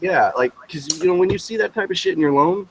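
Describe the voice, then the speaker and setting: A man excitedly telling a personal story, swearing freely and acting out the voices of the people in it. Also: high-pitched, fast talker, a little hiss or hum, low-quality recording. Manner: animated, profane, mimics voices in the story. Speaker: guest.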